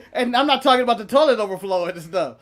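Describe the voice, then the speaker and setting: A high-voiced man telling a story on a casual podcast. He is animated and profane and laughs often. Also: fast talker. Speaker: podcast co-host.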